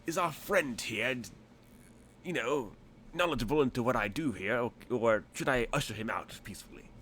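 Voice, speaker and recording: A man's voice: mid-range voice, expressive, normal speed, a bit bright, slight background noise, close to an everyday voice. A man putting on a smarmy Cockney tailor. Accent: exaggerated Cockney. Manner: oily, ingratiating salesman patter. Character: smooth lying confident male cyberpunk tailor.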